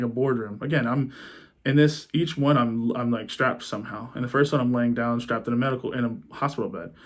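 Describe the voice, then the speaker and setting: A young man vlogging, telling a personal story in a rambling, casual way with frequent restarts and swearing. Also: medium pitch.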